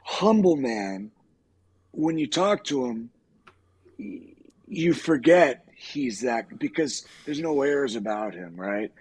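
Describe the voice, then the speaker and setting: Husky man telling animated stories. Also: medium pitch, slow. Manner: animated, profane, acts out quoted lines. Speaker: actor guest on a podcast. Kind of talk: casual storytelling.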